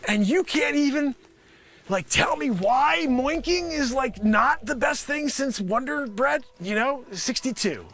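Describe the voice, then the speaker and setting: A man with a high, bright voice that jumps all over the place, hosting a live improv comedy show. He riffs through a made-up product pitch in a wisecracking way, swinging from loud outbursts to mutters. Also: expressive, unhurried, gravelly.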